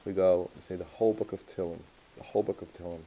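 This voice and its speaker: Speaking at a racing pace over slight background noise, a low-voiced, mellow rabbi tells his class a personal story. His relaxed, conversational telling is lively and anecdotal, dotted with Yiddish and Hebrew words.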